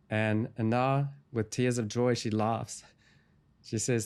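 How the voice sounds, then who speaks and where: Low-voiced man calmly telling a story. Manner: calm, measured retelling of client sessions. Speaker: hypnotherapist guest. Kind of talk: interview storytelling.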